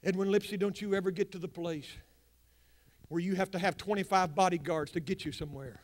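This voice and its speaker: A man preaching a sermon in church, moving between quiet asides and loud, building declarations. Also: sits high, fairly even intonation, brisk. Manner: swings from hushed asides to loud rising preaching. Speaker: pastor. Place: church sanctuary.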